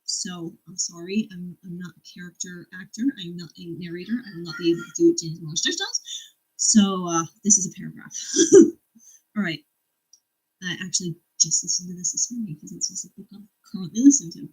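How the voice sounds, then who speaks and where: A woman's voice: on the low side, brisk, a little mellow, breathy edge, low-quality recording. A woman vlogger chatting casually about a book series, enthusiastic, cursing freely and laughing often. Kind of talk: casual chat about books.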